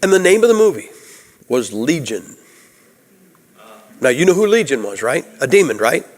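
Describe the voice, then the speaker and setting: An American man preaching a sermon as a guest preacher. He talks in an animated way, firing rhetorical questions at the congregation and acting out the voices of the people he quotes. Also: mid-range voice, normal speed. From United States. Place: church sanctuary. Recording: long hall reverb.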